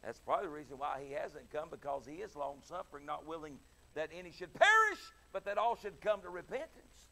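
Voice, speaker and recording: A middle-aged man preaching an evening sermon with passion, dropping soft and then rising loud as he acts out pleading voices. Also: fairly high pitch, very animated, a little fast, gravelly, slight background noise.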